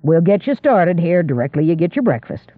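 Man putting on an older squire, drawl, gruff, dry, deep, lively pitch. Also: a little fast, dry recording, phone-quality sound.

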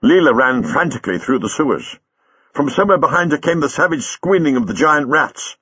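Expressive male audiobook narrator. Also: medium pitch, slightly rough, dry recording, dull audio. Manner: measured, expressive storytelling.

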